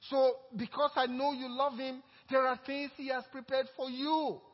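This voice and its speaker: A male pastor preaching a sermon, lively and chuckling between points, slowing to stress scripture quotes. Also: very high voice. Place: church sanctuary. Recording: reverberant hall, dull lo-fi sound.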